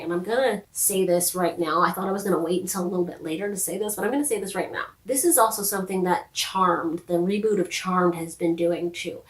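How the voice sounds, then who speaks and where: A woman's voice: lowish voice, roomy sound, poor audio. A woman recapping and reviewing a TV show in a chatty, sarcastic vlog style. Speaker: TV review vlogger.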